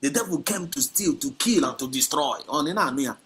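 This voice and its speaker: Mixing Igbo and English, this activist livestream host exhorts and scolds his audience, repeating himself for emphasis. He's a man with a Nigerian Igbo accent, and his voice runs on the high side, expressive, fairly quick and a little bright.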